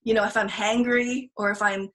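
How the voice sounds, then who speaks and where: A woman's voice: on the high side, steady tone, moderate pace, fairly bright tone, rough recording. A woman hosting a podcast, talking in an earnest, reflective way that is full of restarts. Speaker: podcast host. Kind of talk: casual podcast conversation.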